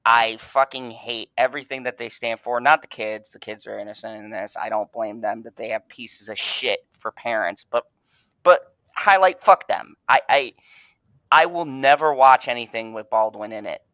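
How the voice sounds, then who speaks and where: A man's voice: medium pitch, normal speed, pushed and bright, dry recording. A man hosting an online fan podcast, ranting angrily with heavy profanity and stammered restarts. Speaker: podcast host. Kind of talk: ranting casual chat. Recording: dull, dry home mic sound.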